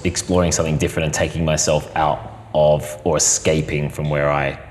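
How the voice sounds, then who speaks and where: An Australian man speaking as an interview guest, earnest and expressive, piling up repeated phrases as he tells his story. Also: very deep voice, brisk, slight background noise. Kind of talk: heartfelt personal interview. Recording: roomy hall reverb.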